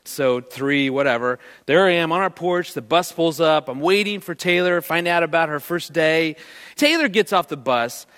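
A man's voice: a little high, moderate pace. A man giving a talk on marriage to a live audience, telling a family story and acting out the voices in it. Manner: animated, jokey, acts out his daughter's lines. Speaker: marriage speaker. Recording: long hall reverb.

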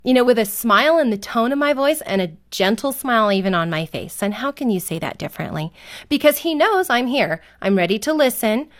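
A woman who is a parent and a guest on a radio show, talking in an earnest, explanatory way and acting out gentle lines she says to her children. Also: on the high side, lively intonation, a little fast, hardly any pauses. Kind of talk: casual studio conversation.

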